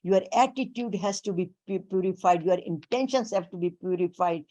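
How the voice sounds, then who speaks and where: A woman giving a spiritual talk, speaking deliberately and weaving in Sanskrit and Hindi terms. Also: fairly low pitch, mellow, lo-fi sound. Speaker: spiritual teacher.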